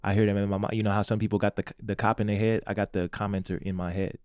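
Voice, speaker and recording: Deep-voiced laughing man, dry sound. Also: little pitch movement, very fast, a little mellow, smooth, no room sound. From St. Louis, USA. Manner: laughs often, says "you know what I'm saying". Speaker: podcast co-host. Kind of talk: casual comedic chat.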